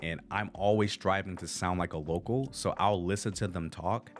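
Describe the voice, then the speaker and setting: A man with a very low voice and an American accent, hosting a laid-back livestream. He rambles and restarts his sentences as he chats directly to his viewers, with faint music playing behind him. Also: moderate pace. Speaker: channel host. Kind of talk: casual livestream tips.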